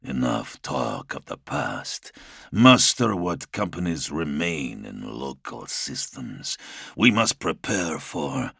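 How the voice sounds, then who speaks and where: Guy doing a brooding crazy warlord prince, super deep gravelly voice, slow and dry. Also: sing-song, fairly bright tone, dry recording, full character voice. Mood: brooding menace. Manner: slow, low, menacing delivery. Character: brooding, half-mad male warlord prince.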